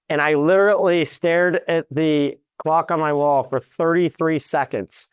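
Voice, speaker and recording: A man who works as a commercial real estate broker, a guest in an interview, telling lively anecdotes. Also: a little high, unhurried, hardly any pauses, clean tone, dry recording. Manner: lively anecdotes, acts out quotes. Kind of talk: animated storytelling in an interview.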